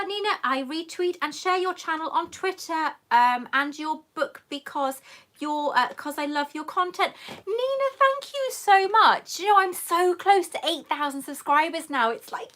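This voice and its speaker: A woman's voice: sits high, pushed and bright. A British woman hosting a live question-and-answer stream from home, chatting casually and greeting viewers with affectionate pet names. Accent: British English. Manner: chatty and affectionate, calls viewers love and sweetheart. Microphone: camera mic on a monopod.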